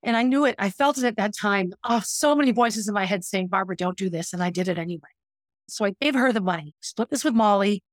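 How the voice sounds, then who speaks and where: A woman's voice: mid-range voice, quick pace, no echo. Woman telling a personal story, close and dry. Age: middle-aged. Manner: reflective, candid, self-critical. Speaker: podcast host.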